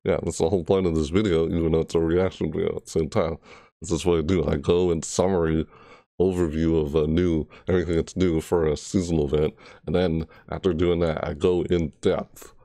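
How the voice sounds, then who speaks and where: Deep-voiced man rambling through a reaction. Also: flat delivery, fairly quick, warm tone, no echo, studio quality. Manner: rambling, self-correcting, breaks into shrieked character impressions. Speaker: gaming video creator. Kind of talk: casual game trailer reaction.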